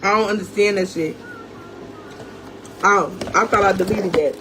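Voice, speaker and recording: A woman's voice: medium pitch, measured pace, over music. Heated, cursing young woman ranting. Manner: profane, confrontational, heated; calls viewers "gang", talks straight to them. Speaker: vlogger. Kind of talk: angry storytime rant.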